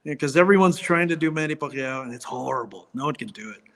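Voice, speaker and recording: A man's voice: medium pitch, expressive, fast talker, a bit bright. A man in his fifties, a guest comedian, chatting casually and easygoing, laughing often and saying "you know, man.". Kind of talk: casual chat.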